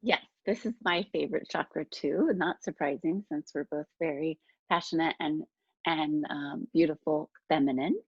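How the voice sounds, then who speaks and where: A woman's voice: sits low, steady tone, moderate pace, husky, dry recording. A woman presenting essential oils in a casual spiritual workshop, talking earnestly with many fillers and restarts, over a video call. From United States. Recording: dull, lo-fi video call audio.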